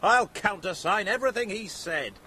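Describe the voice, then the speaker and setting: A man playing a worldly, cynical gentleman in a radio drama, languid and dismissive. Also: sits high, lively intonation, moderate pace, slightly rough, full character voice. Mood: wry.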